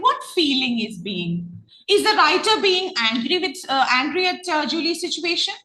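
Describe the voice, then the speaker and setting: A woman's voice: high voice, sing-song, normal speed, sharp tone, echoey room, poor audio. A woman with a Malayali English accent, a trainer running an online reading class, who asks students many questions and often restarts her sentences.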